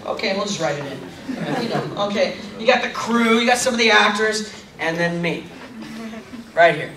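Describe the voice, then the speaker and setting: A man, an actor guest, tells an animated anecdote to a live audience, laughing often and acting out what people said. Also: sits high, moderate pace, a crowd in the background. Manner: lively storyteller, laughing often, acting out quotes. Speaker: actor guest on a convention stage. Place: large convention hall. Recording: echoey hall from far off with faint noise.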